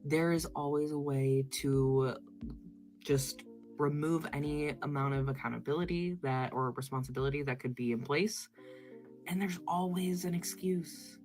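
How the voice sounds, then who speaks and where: A woman's voice: low-pitched, unhurried, a little mellow, faint music behind. A woman vlogger giving blunt, profane commentary straight to her viewers. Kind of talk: casual commentary.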